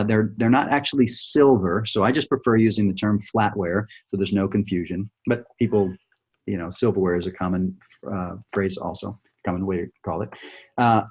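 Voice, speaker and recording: A man's voice: lowish voice, darkish tone, slightly rough. A man running a sales training over a shared screen, coaching in a casual way that keeps checking in with "right?" and "okay?". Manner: coaching, repeats "right?" and "okay?", thinks aloud with fillers.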